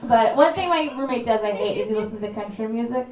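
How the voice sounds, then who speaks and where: A woman's voice: on the high side, quick pace, very noisy. Brassy young woman doing stand-up. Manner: brassy, punchy delivery with sudden loud bursts. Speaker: stand-up comedian. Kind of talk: stand-up comedy set. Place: small apartment room with a live audience. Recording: echoey room recorded from far off. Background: audience laughter.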